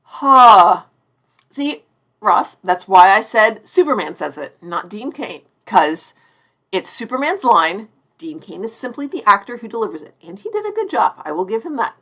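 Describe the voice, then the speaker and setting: A woman's voice: mid-range voice, lively intonation, unhurried, fairly bright tone. A woman around forty hosting a live-stream TV review, effusive and chatty, often restarting her sentences mid-thought.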